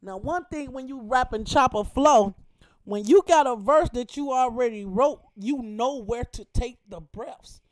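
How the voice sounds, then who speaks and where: A woman's voice: on the high side, unhurried. A woman hosting a radio show, breaking down a rap verse in emphatic, profane casual commentary full of rhetorical questions.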